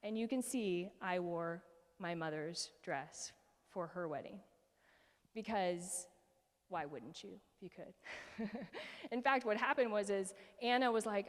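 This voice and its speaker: A woman's voice: mid-range voice, measured pace, long pauses, long reverb tail. A woman in her forties giving a heartfelt personal talk with slides, earnest and emotional, with many fillers and restarts. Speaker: speaker presenting to a group.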